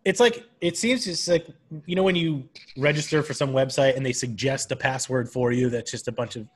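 A man's voice: mid-range voice, a little fast, breathy edge. A man co-hosting a podcast, talking casually with dry humor and hesitant fillers. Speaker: podcast co-host.

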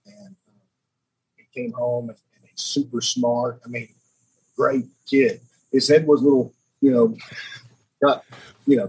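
A man, a podcast guest telling a personal story in a halting, repeating way, often dropping quiet. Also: breathy edge, rough recording. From Alabama. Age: 30s. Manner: halting, repeats words, voice drops low and quiet when moved. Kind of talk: emotional storytelling.

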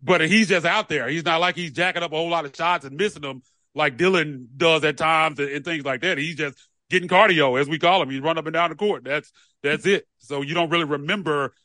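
A man's voice: a little high, sharp tone, no echo. A man co-hosting a sports podcast, talking in a rambling, easygoing way with repeated words. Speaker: podcast co-host. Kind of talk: casual sports chat.

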